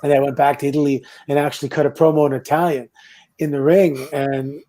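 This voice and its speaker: A middle-aged man from Canada, a former wrestler, telling stories in a relaxed, casual interview. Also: on the high side, a little fast. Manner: relaxed anecdotal storytelling with laughs and quoted voices. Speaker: guest, former pro wrestler.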